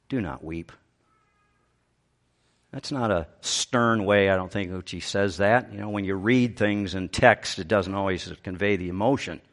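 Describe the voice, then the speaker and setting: A man preaching a sermon, swinging from raised, emphatic phrases to hushed, gentle ones. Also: fairly low pitch. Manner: animated preaching, voice rising and dropping to a hush. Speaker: pastor.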